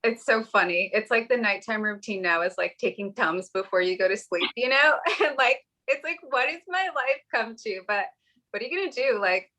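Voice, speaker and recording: A woman in a casual chat, a chatty, supportive listener with quick reactions. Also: fairly high pitch, animated, bright, forceful tone.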